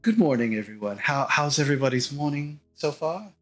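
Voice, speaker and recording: A man voicing a halting, composed woman envoy. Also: a little high, lively intonation, a bit bright, faint music behind. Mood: businesslike. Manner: halting, full of fillers. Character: composed, powerful woman envoy delivering news.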